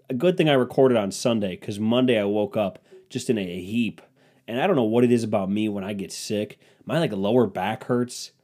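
Lowish and darkish in tone, this young man's voice carries a solo podcast. He meanders through crude, funny stories, often at his own expense.

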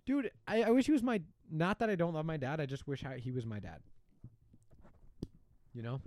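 A young man in casual chat, animated and laughing, often breaking into silly voices. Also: a little high, moderate pace, no room sound, studio quality.

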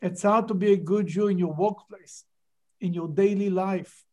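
A man's voice: high-pitched, moderate pace. Emphatic man teaching a Bible class. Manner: animated, emphatic, rhetorical questions. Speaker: rabbi teaching a Torah class.

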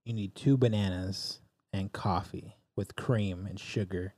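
An easygoing young man co-hosts a podcast, chatting casually and readily agreeing with his partner. His voice is mellow and warm in tone, recorded close and dry. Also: deep voice, steady tone, measured pace, no room sound. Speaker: podcast co-host. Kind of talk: casual chat.

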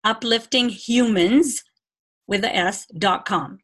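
A woman guest giving spiritual advice in a measured, soothing way, repeating words for emphasis. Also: fairly high pitch, fairly bright tone. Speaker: podcast guest, spiritual teacher. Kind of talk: calm guidance in conversation.

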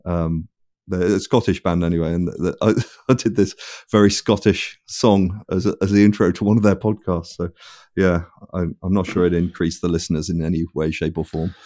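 A man's voice: sits low, level tone, brisk, hardly any pauses, dark tone. A man guesting on a podcast, telling self-deprecating stories in a casual chat and laughing often.

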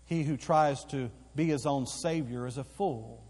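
A man's voice: a little high, measured pace, darkish tone, husky. A man preaching a sermon as pastor in a church auditorium, with emphatic repetition that builds in force. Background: live congregation hall.

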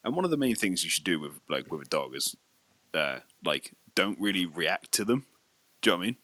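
Sweary bloke telling stories. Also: male voice, low voice, fairly quick, no echo. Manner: sweary, animated storytelling. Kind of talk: casual chat.

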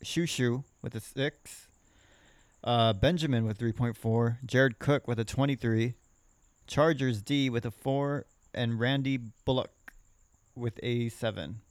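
A man co-hosting a casual podcast, running through fantasy football scores in a quick list. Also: medium pitch, steady tone, clear, resonant tone, no echo, studio quality. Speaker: podcast co-host.

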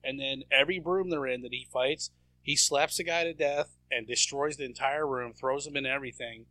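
A man's voice: mid-range voice, normal speed, no echo. A man in casual chat, profane and sarcastic as he mocks films. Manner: profane, sarcastic, animated storytelling.

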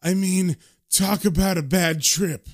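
A man voicing a cocky, dying con man who mocks demons in a slow, swaggering drawl, as part of a comic book reading. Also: sits high, steady tone. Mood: mocking.

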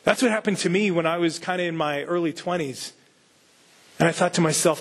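A man's voice: a little high, a little fast. A man pastor giving a conversational sermon, full of rhetorical questions and casual asides.

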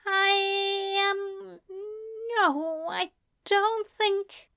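A woman's voice: steady tone, very slow, gravelly, pushed and bright, no room sound, clean studio sound, heavily acted. A woman voicing a prim, flustered man at his office desk, caught off guard. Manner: high, flustered and breathless.

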